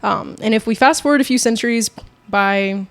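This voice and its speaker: A woman's voice: on the high side, normal speed, dry recording. Young woman, podcast co-host, loose rambling read with dry close sound. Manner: rambling, reads notes aloud with stumbles. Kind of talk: casual chat.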